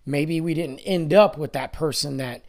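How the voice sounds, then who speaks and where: A man's voice: on the high side, moderate pace, vocal fry, a little mellow. A man hosting his own podcast, talking alone in a rambling, grumbling, self-deprecating way, with a nasal, congested voice from being sick. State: congested from illness. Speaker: podcast host. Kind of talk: casual solo podcast monologue.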